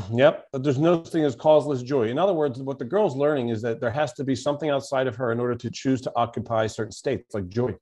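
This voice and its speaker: Man, mid-pitched, reflective, storytelling, coach in an interview, quotes mantras. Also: fast talker, few pauses, darkish tone. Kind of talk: conversational interview.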